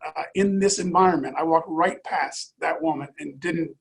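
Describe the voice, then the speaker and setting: This middle-aged man's voice sits a little high for a man and has a husky, breathy edge. He tells a personal story as an interview guest, earnest and halting, often circling back with fillers and repeated words. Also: low-quality recording. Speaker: airline executive, interview guest.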